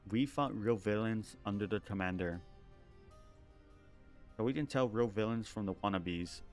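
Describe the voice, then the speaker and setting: A man voicing a calm, battered female android doll who speaks steadily and with quiet mockery, read aloud from a game on stream. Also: lowish voice, moderate pace, faint music behind, lightly acted. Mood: quietly mocking.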